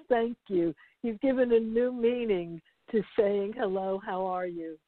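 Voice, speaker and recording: A woman's voice: mid-range voice, steady tone, slow pace, dry recording. A woman hosting an interview, asking questions and thanking her guest appreciatively. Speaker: interview host. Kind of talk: interview conversation. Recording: dry, tinny phone-line audio.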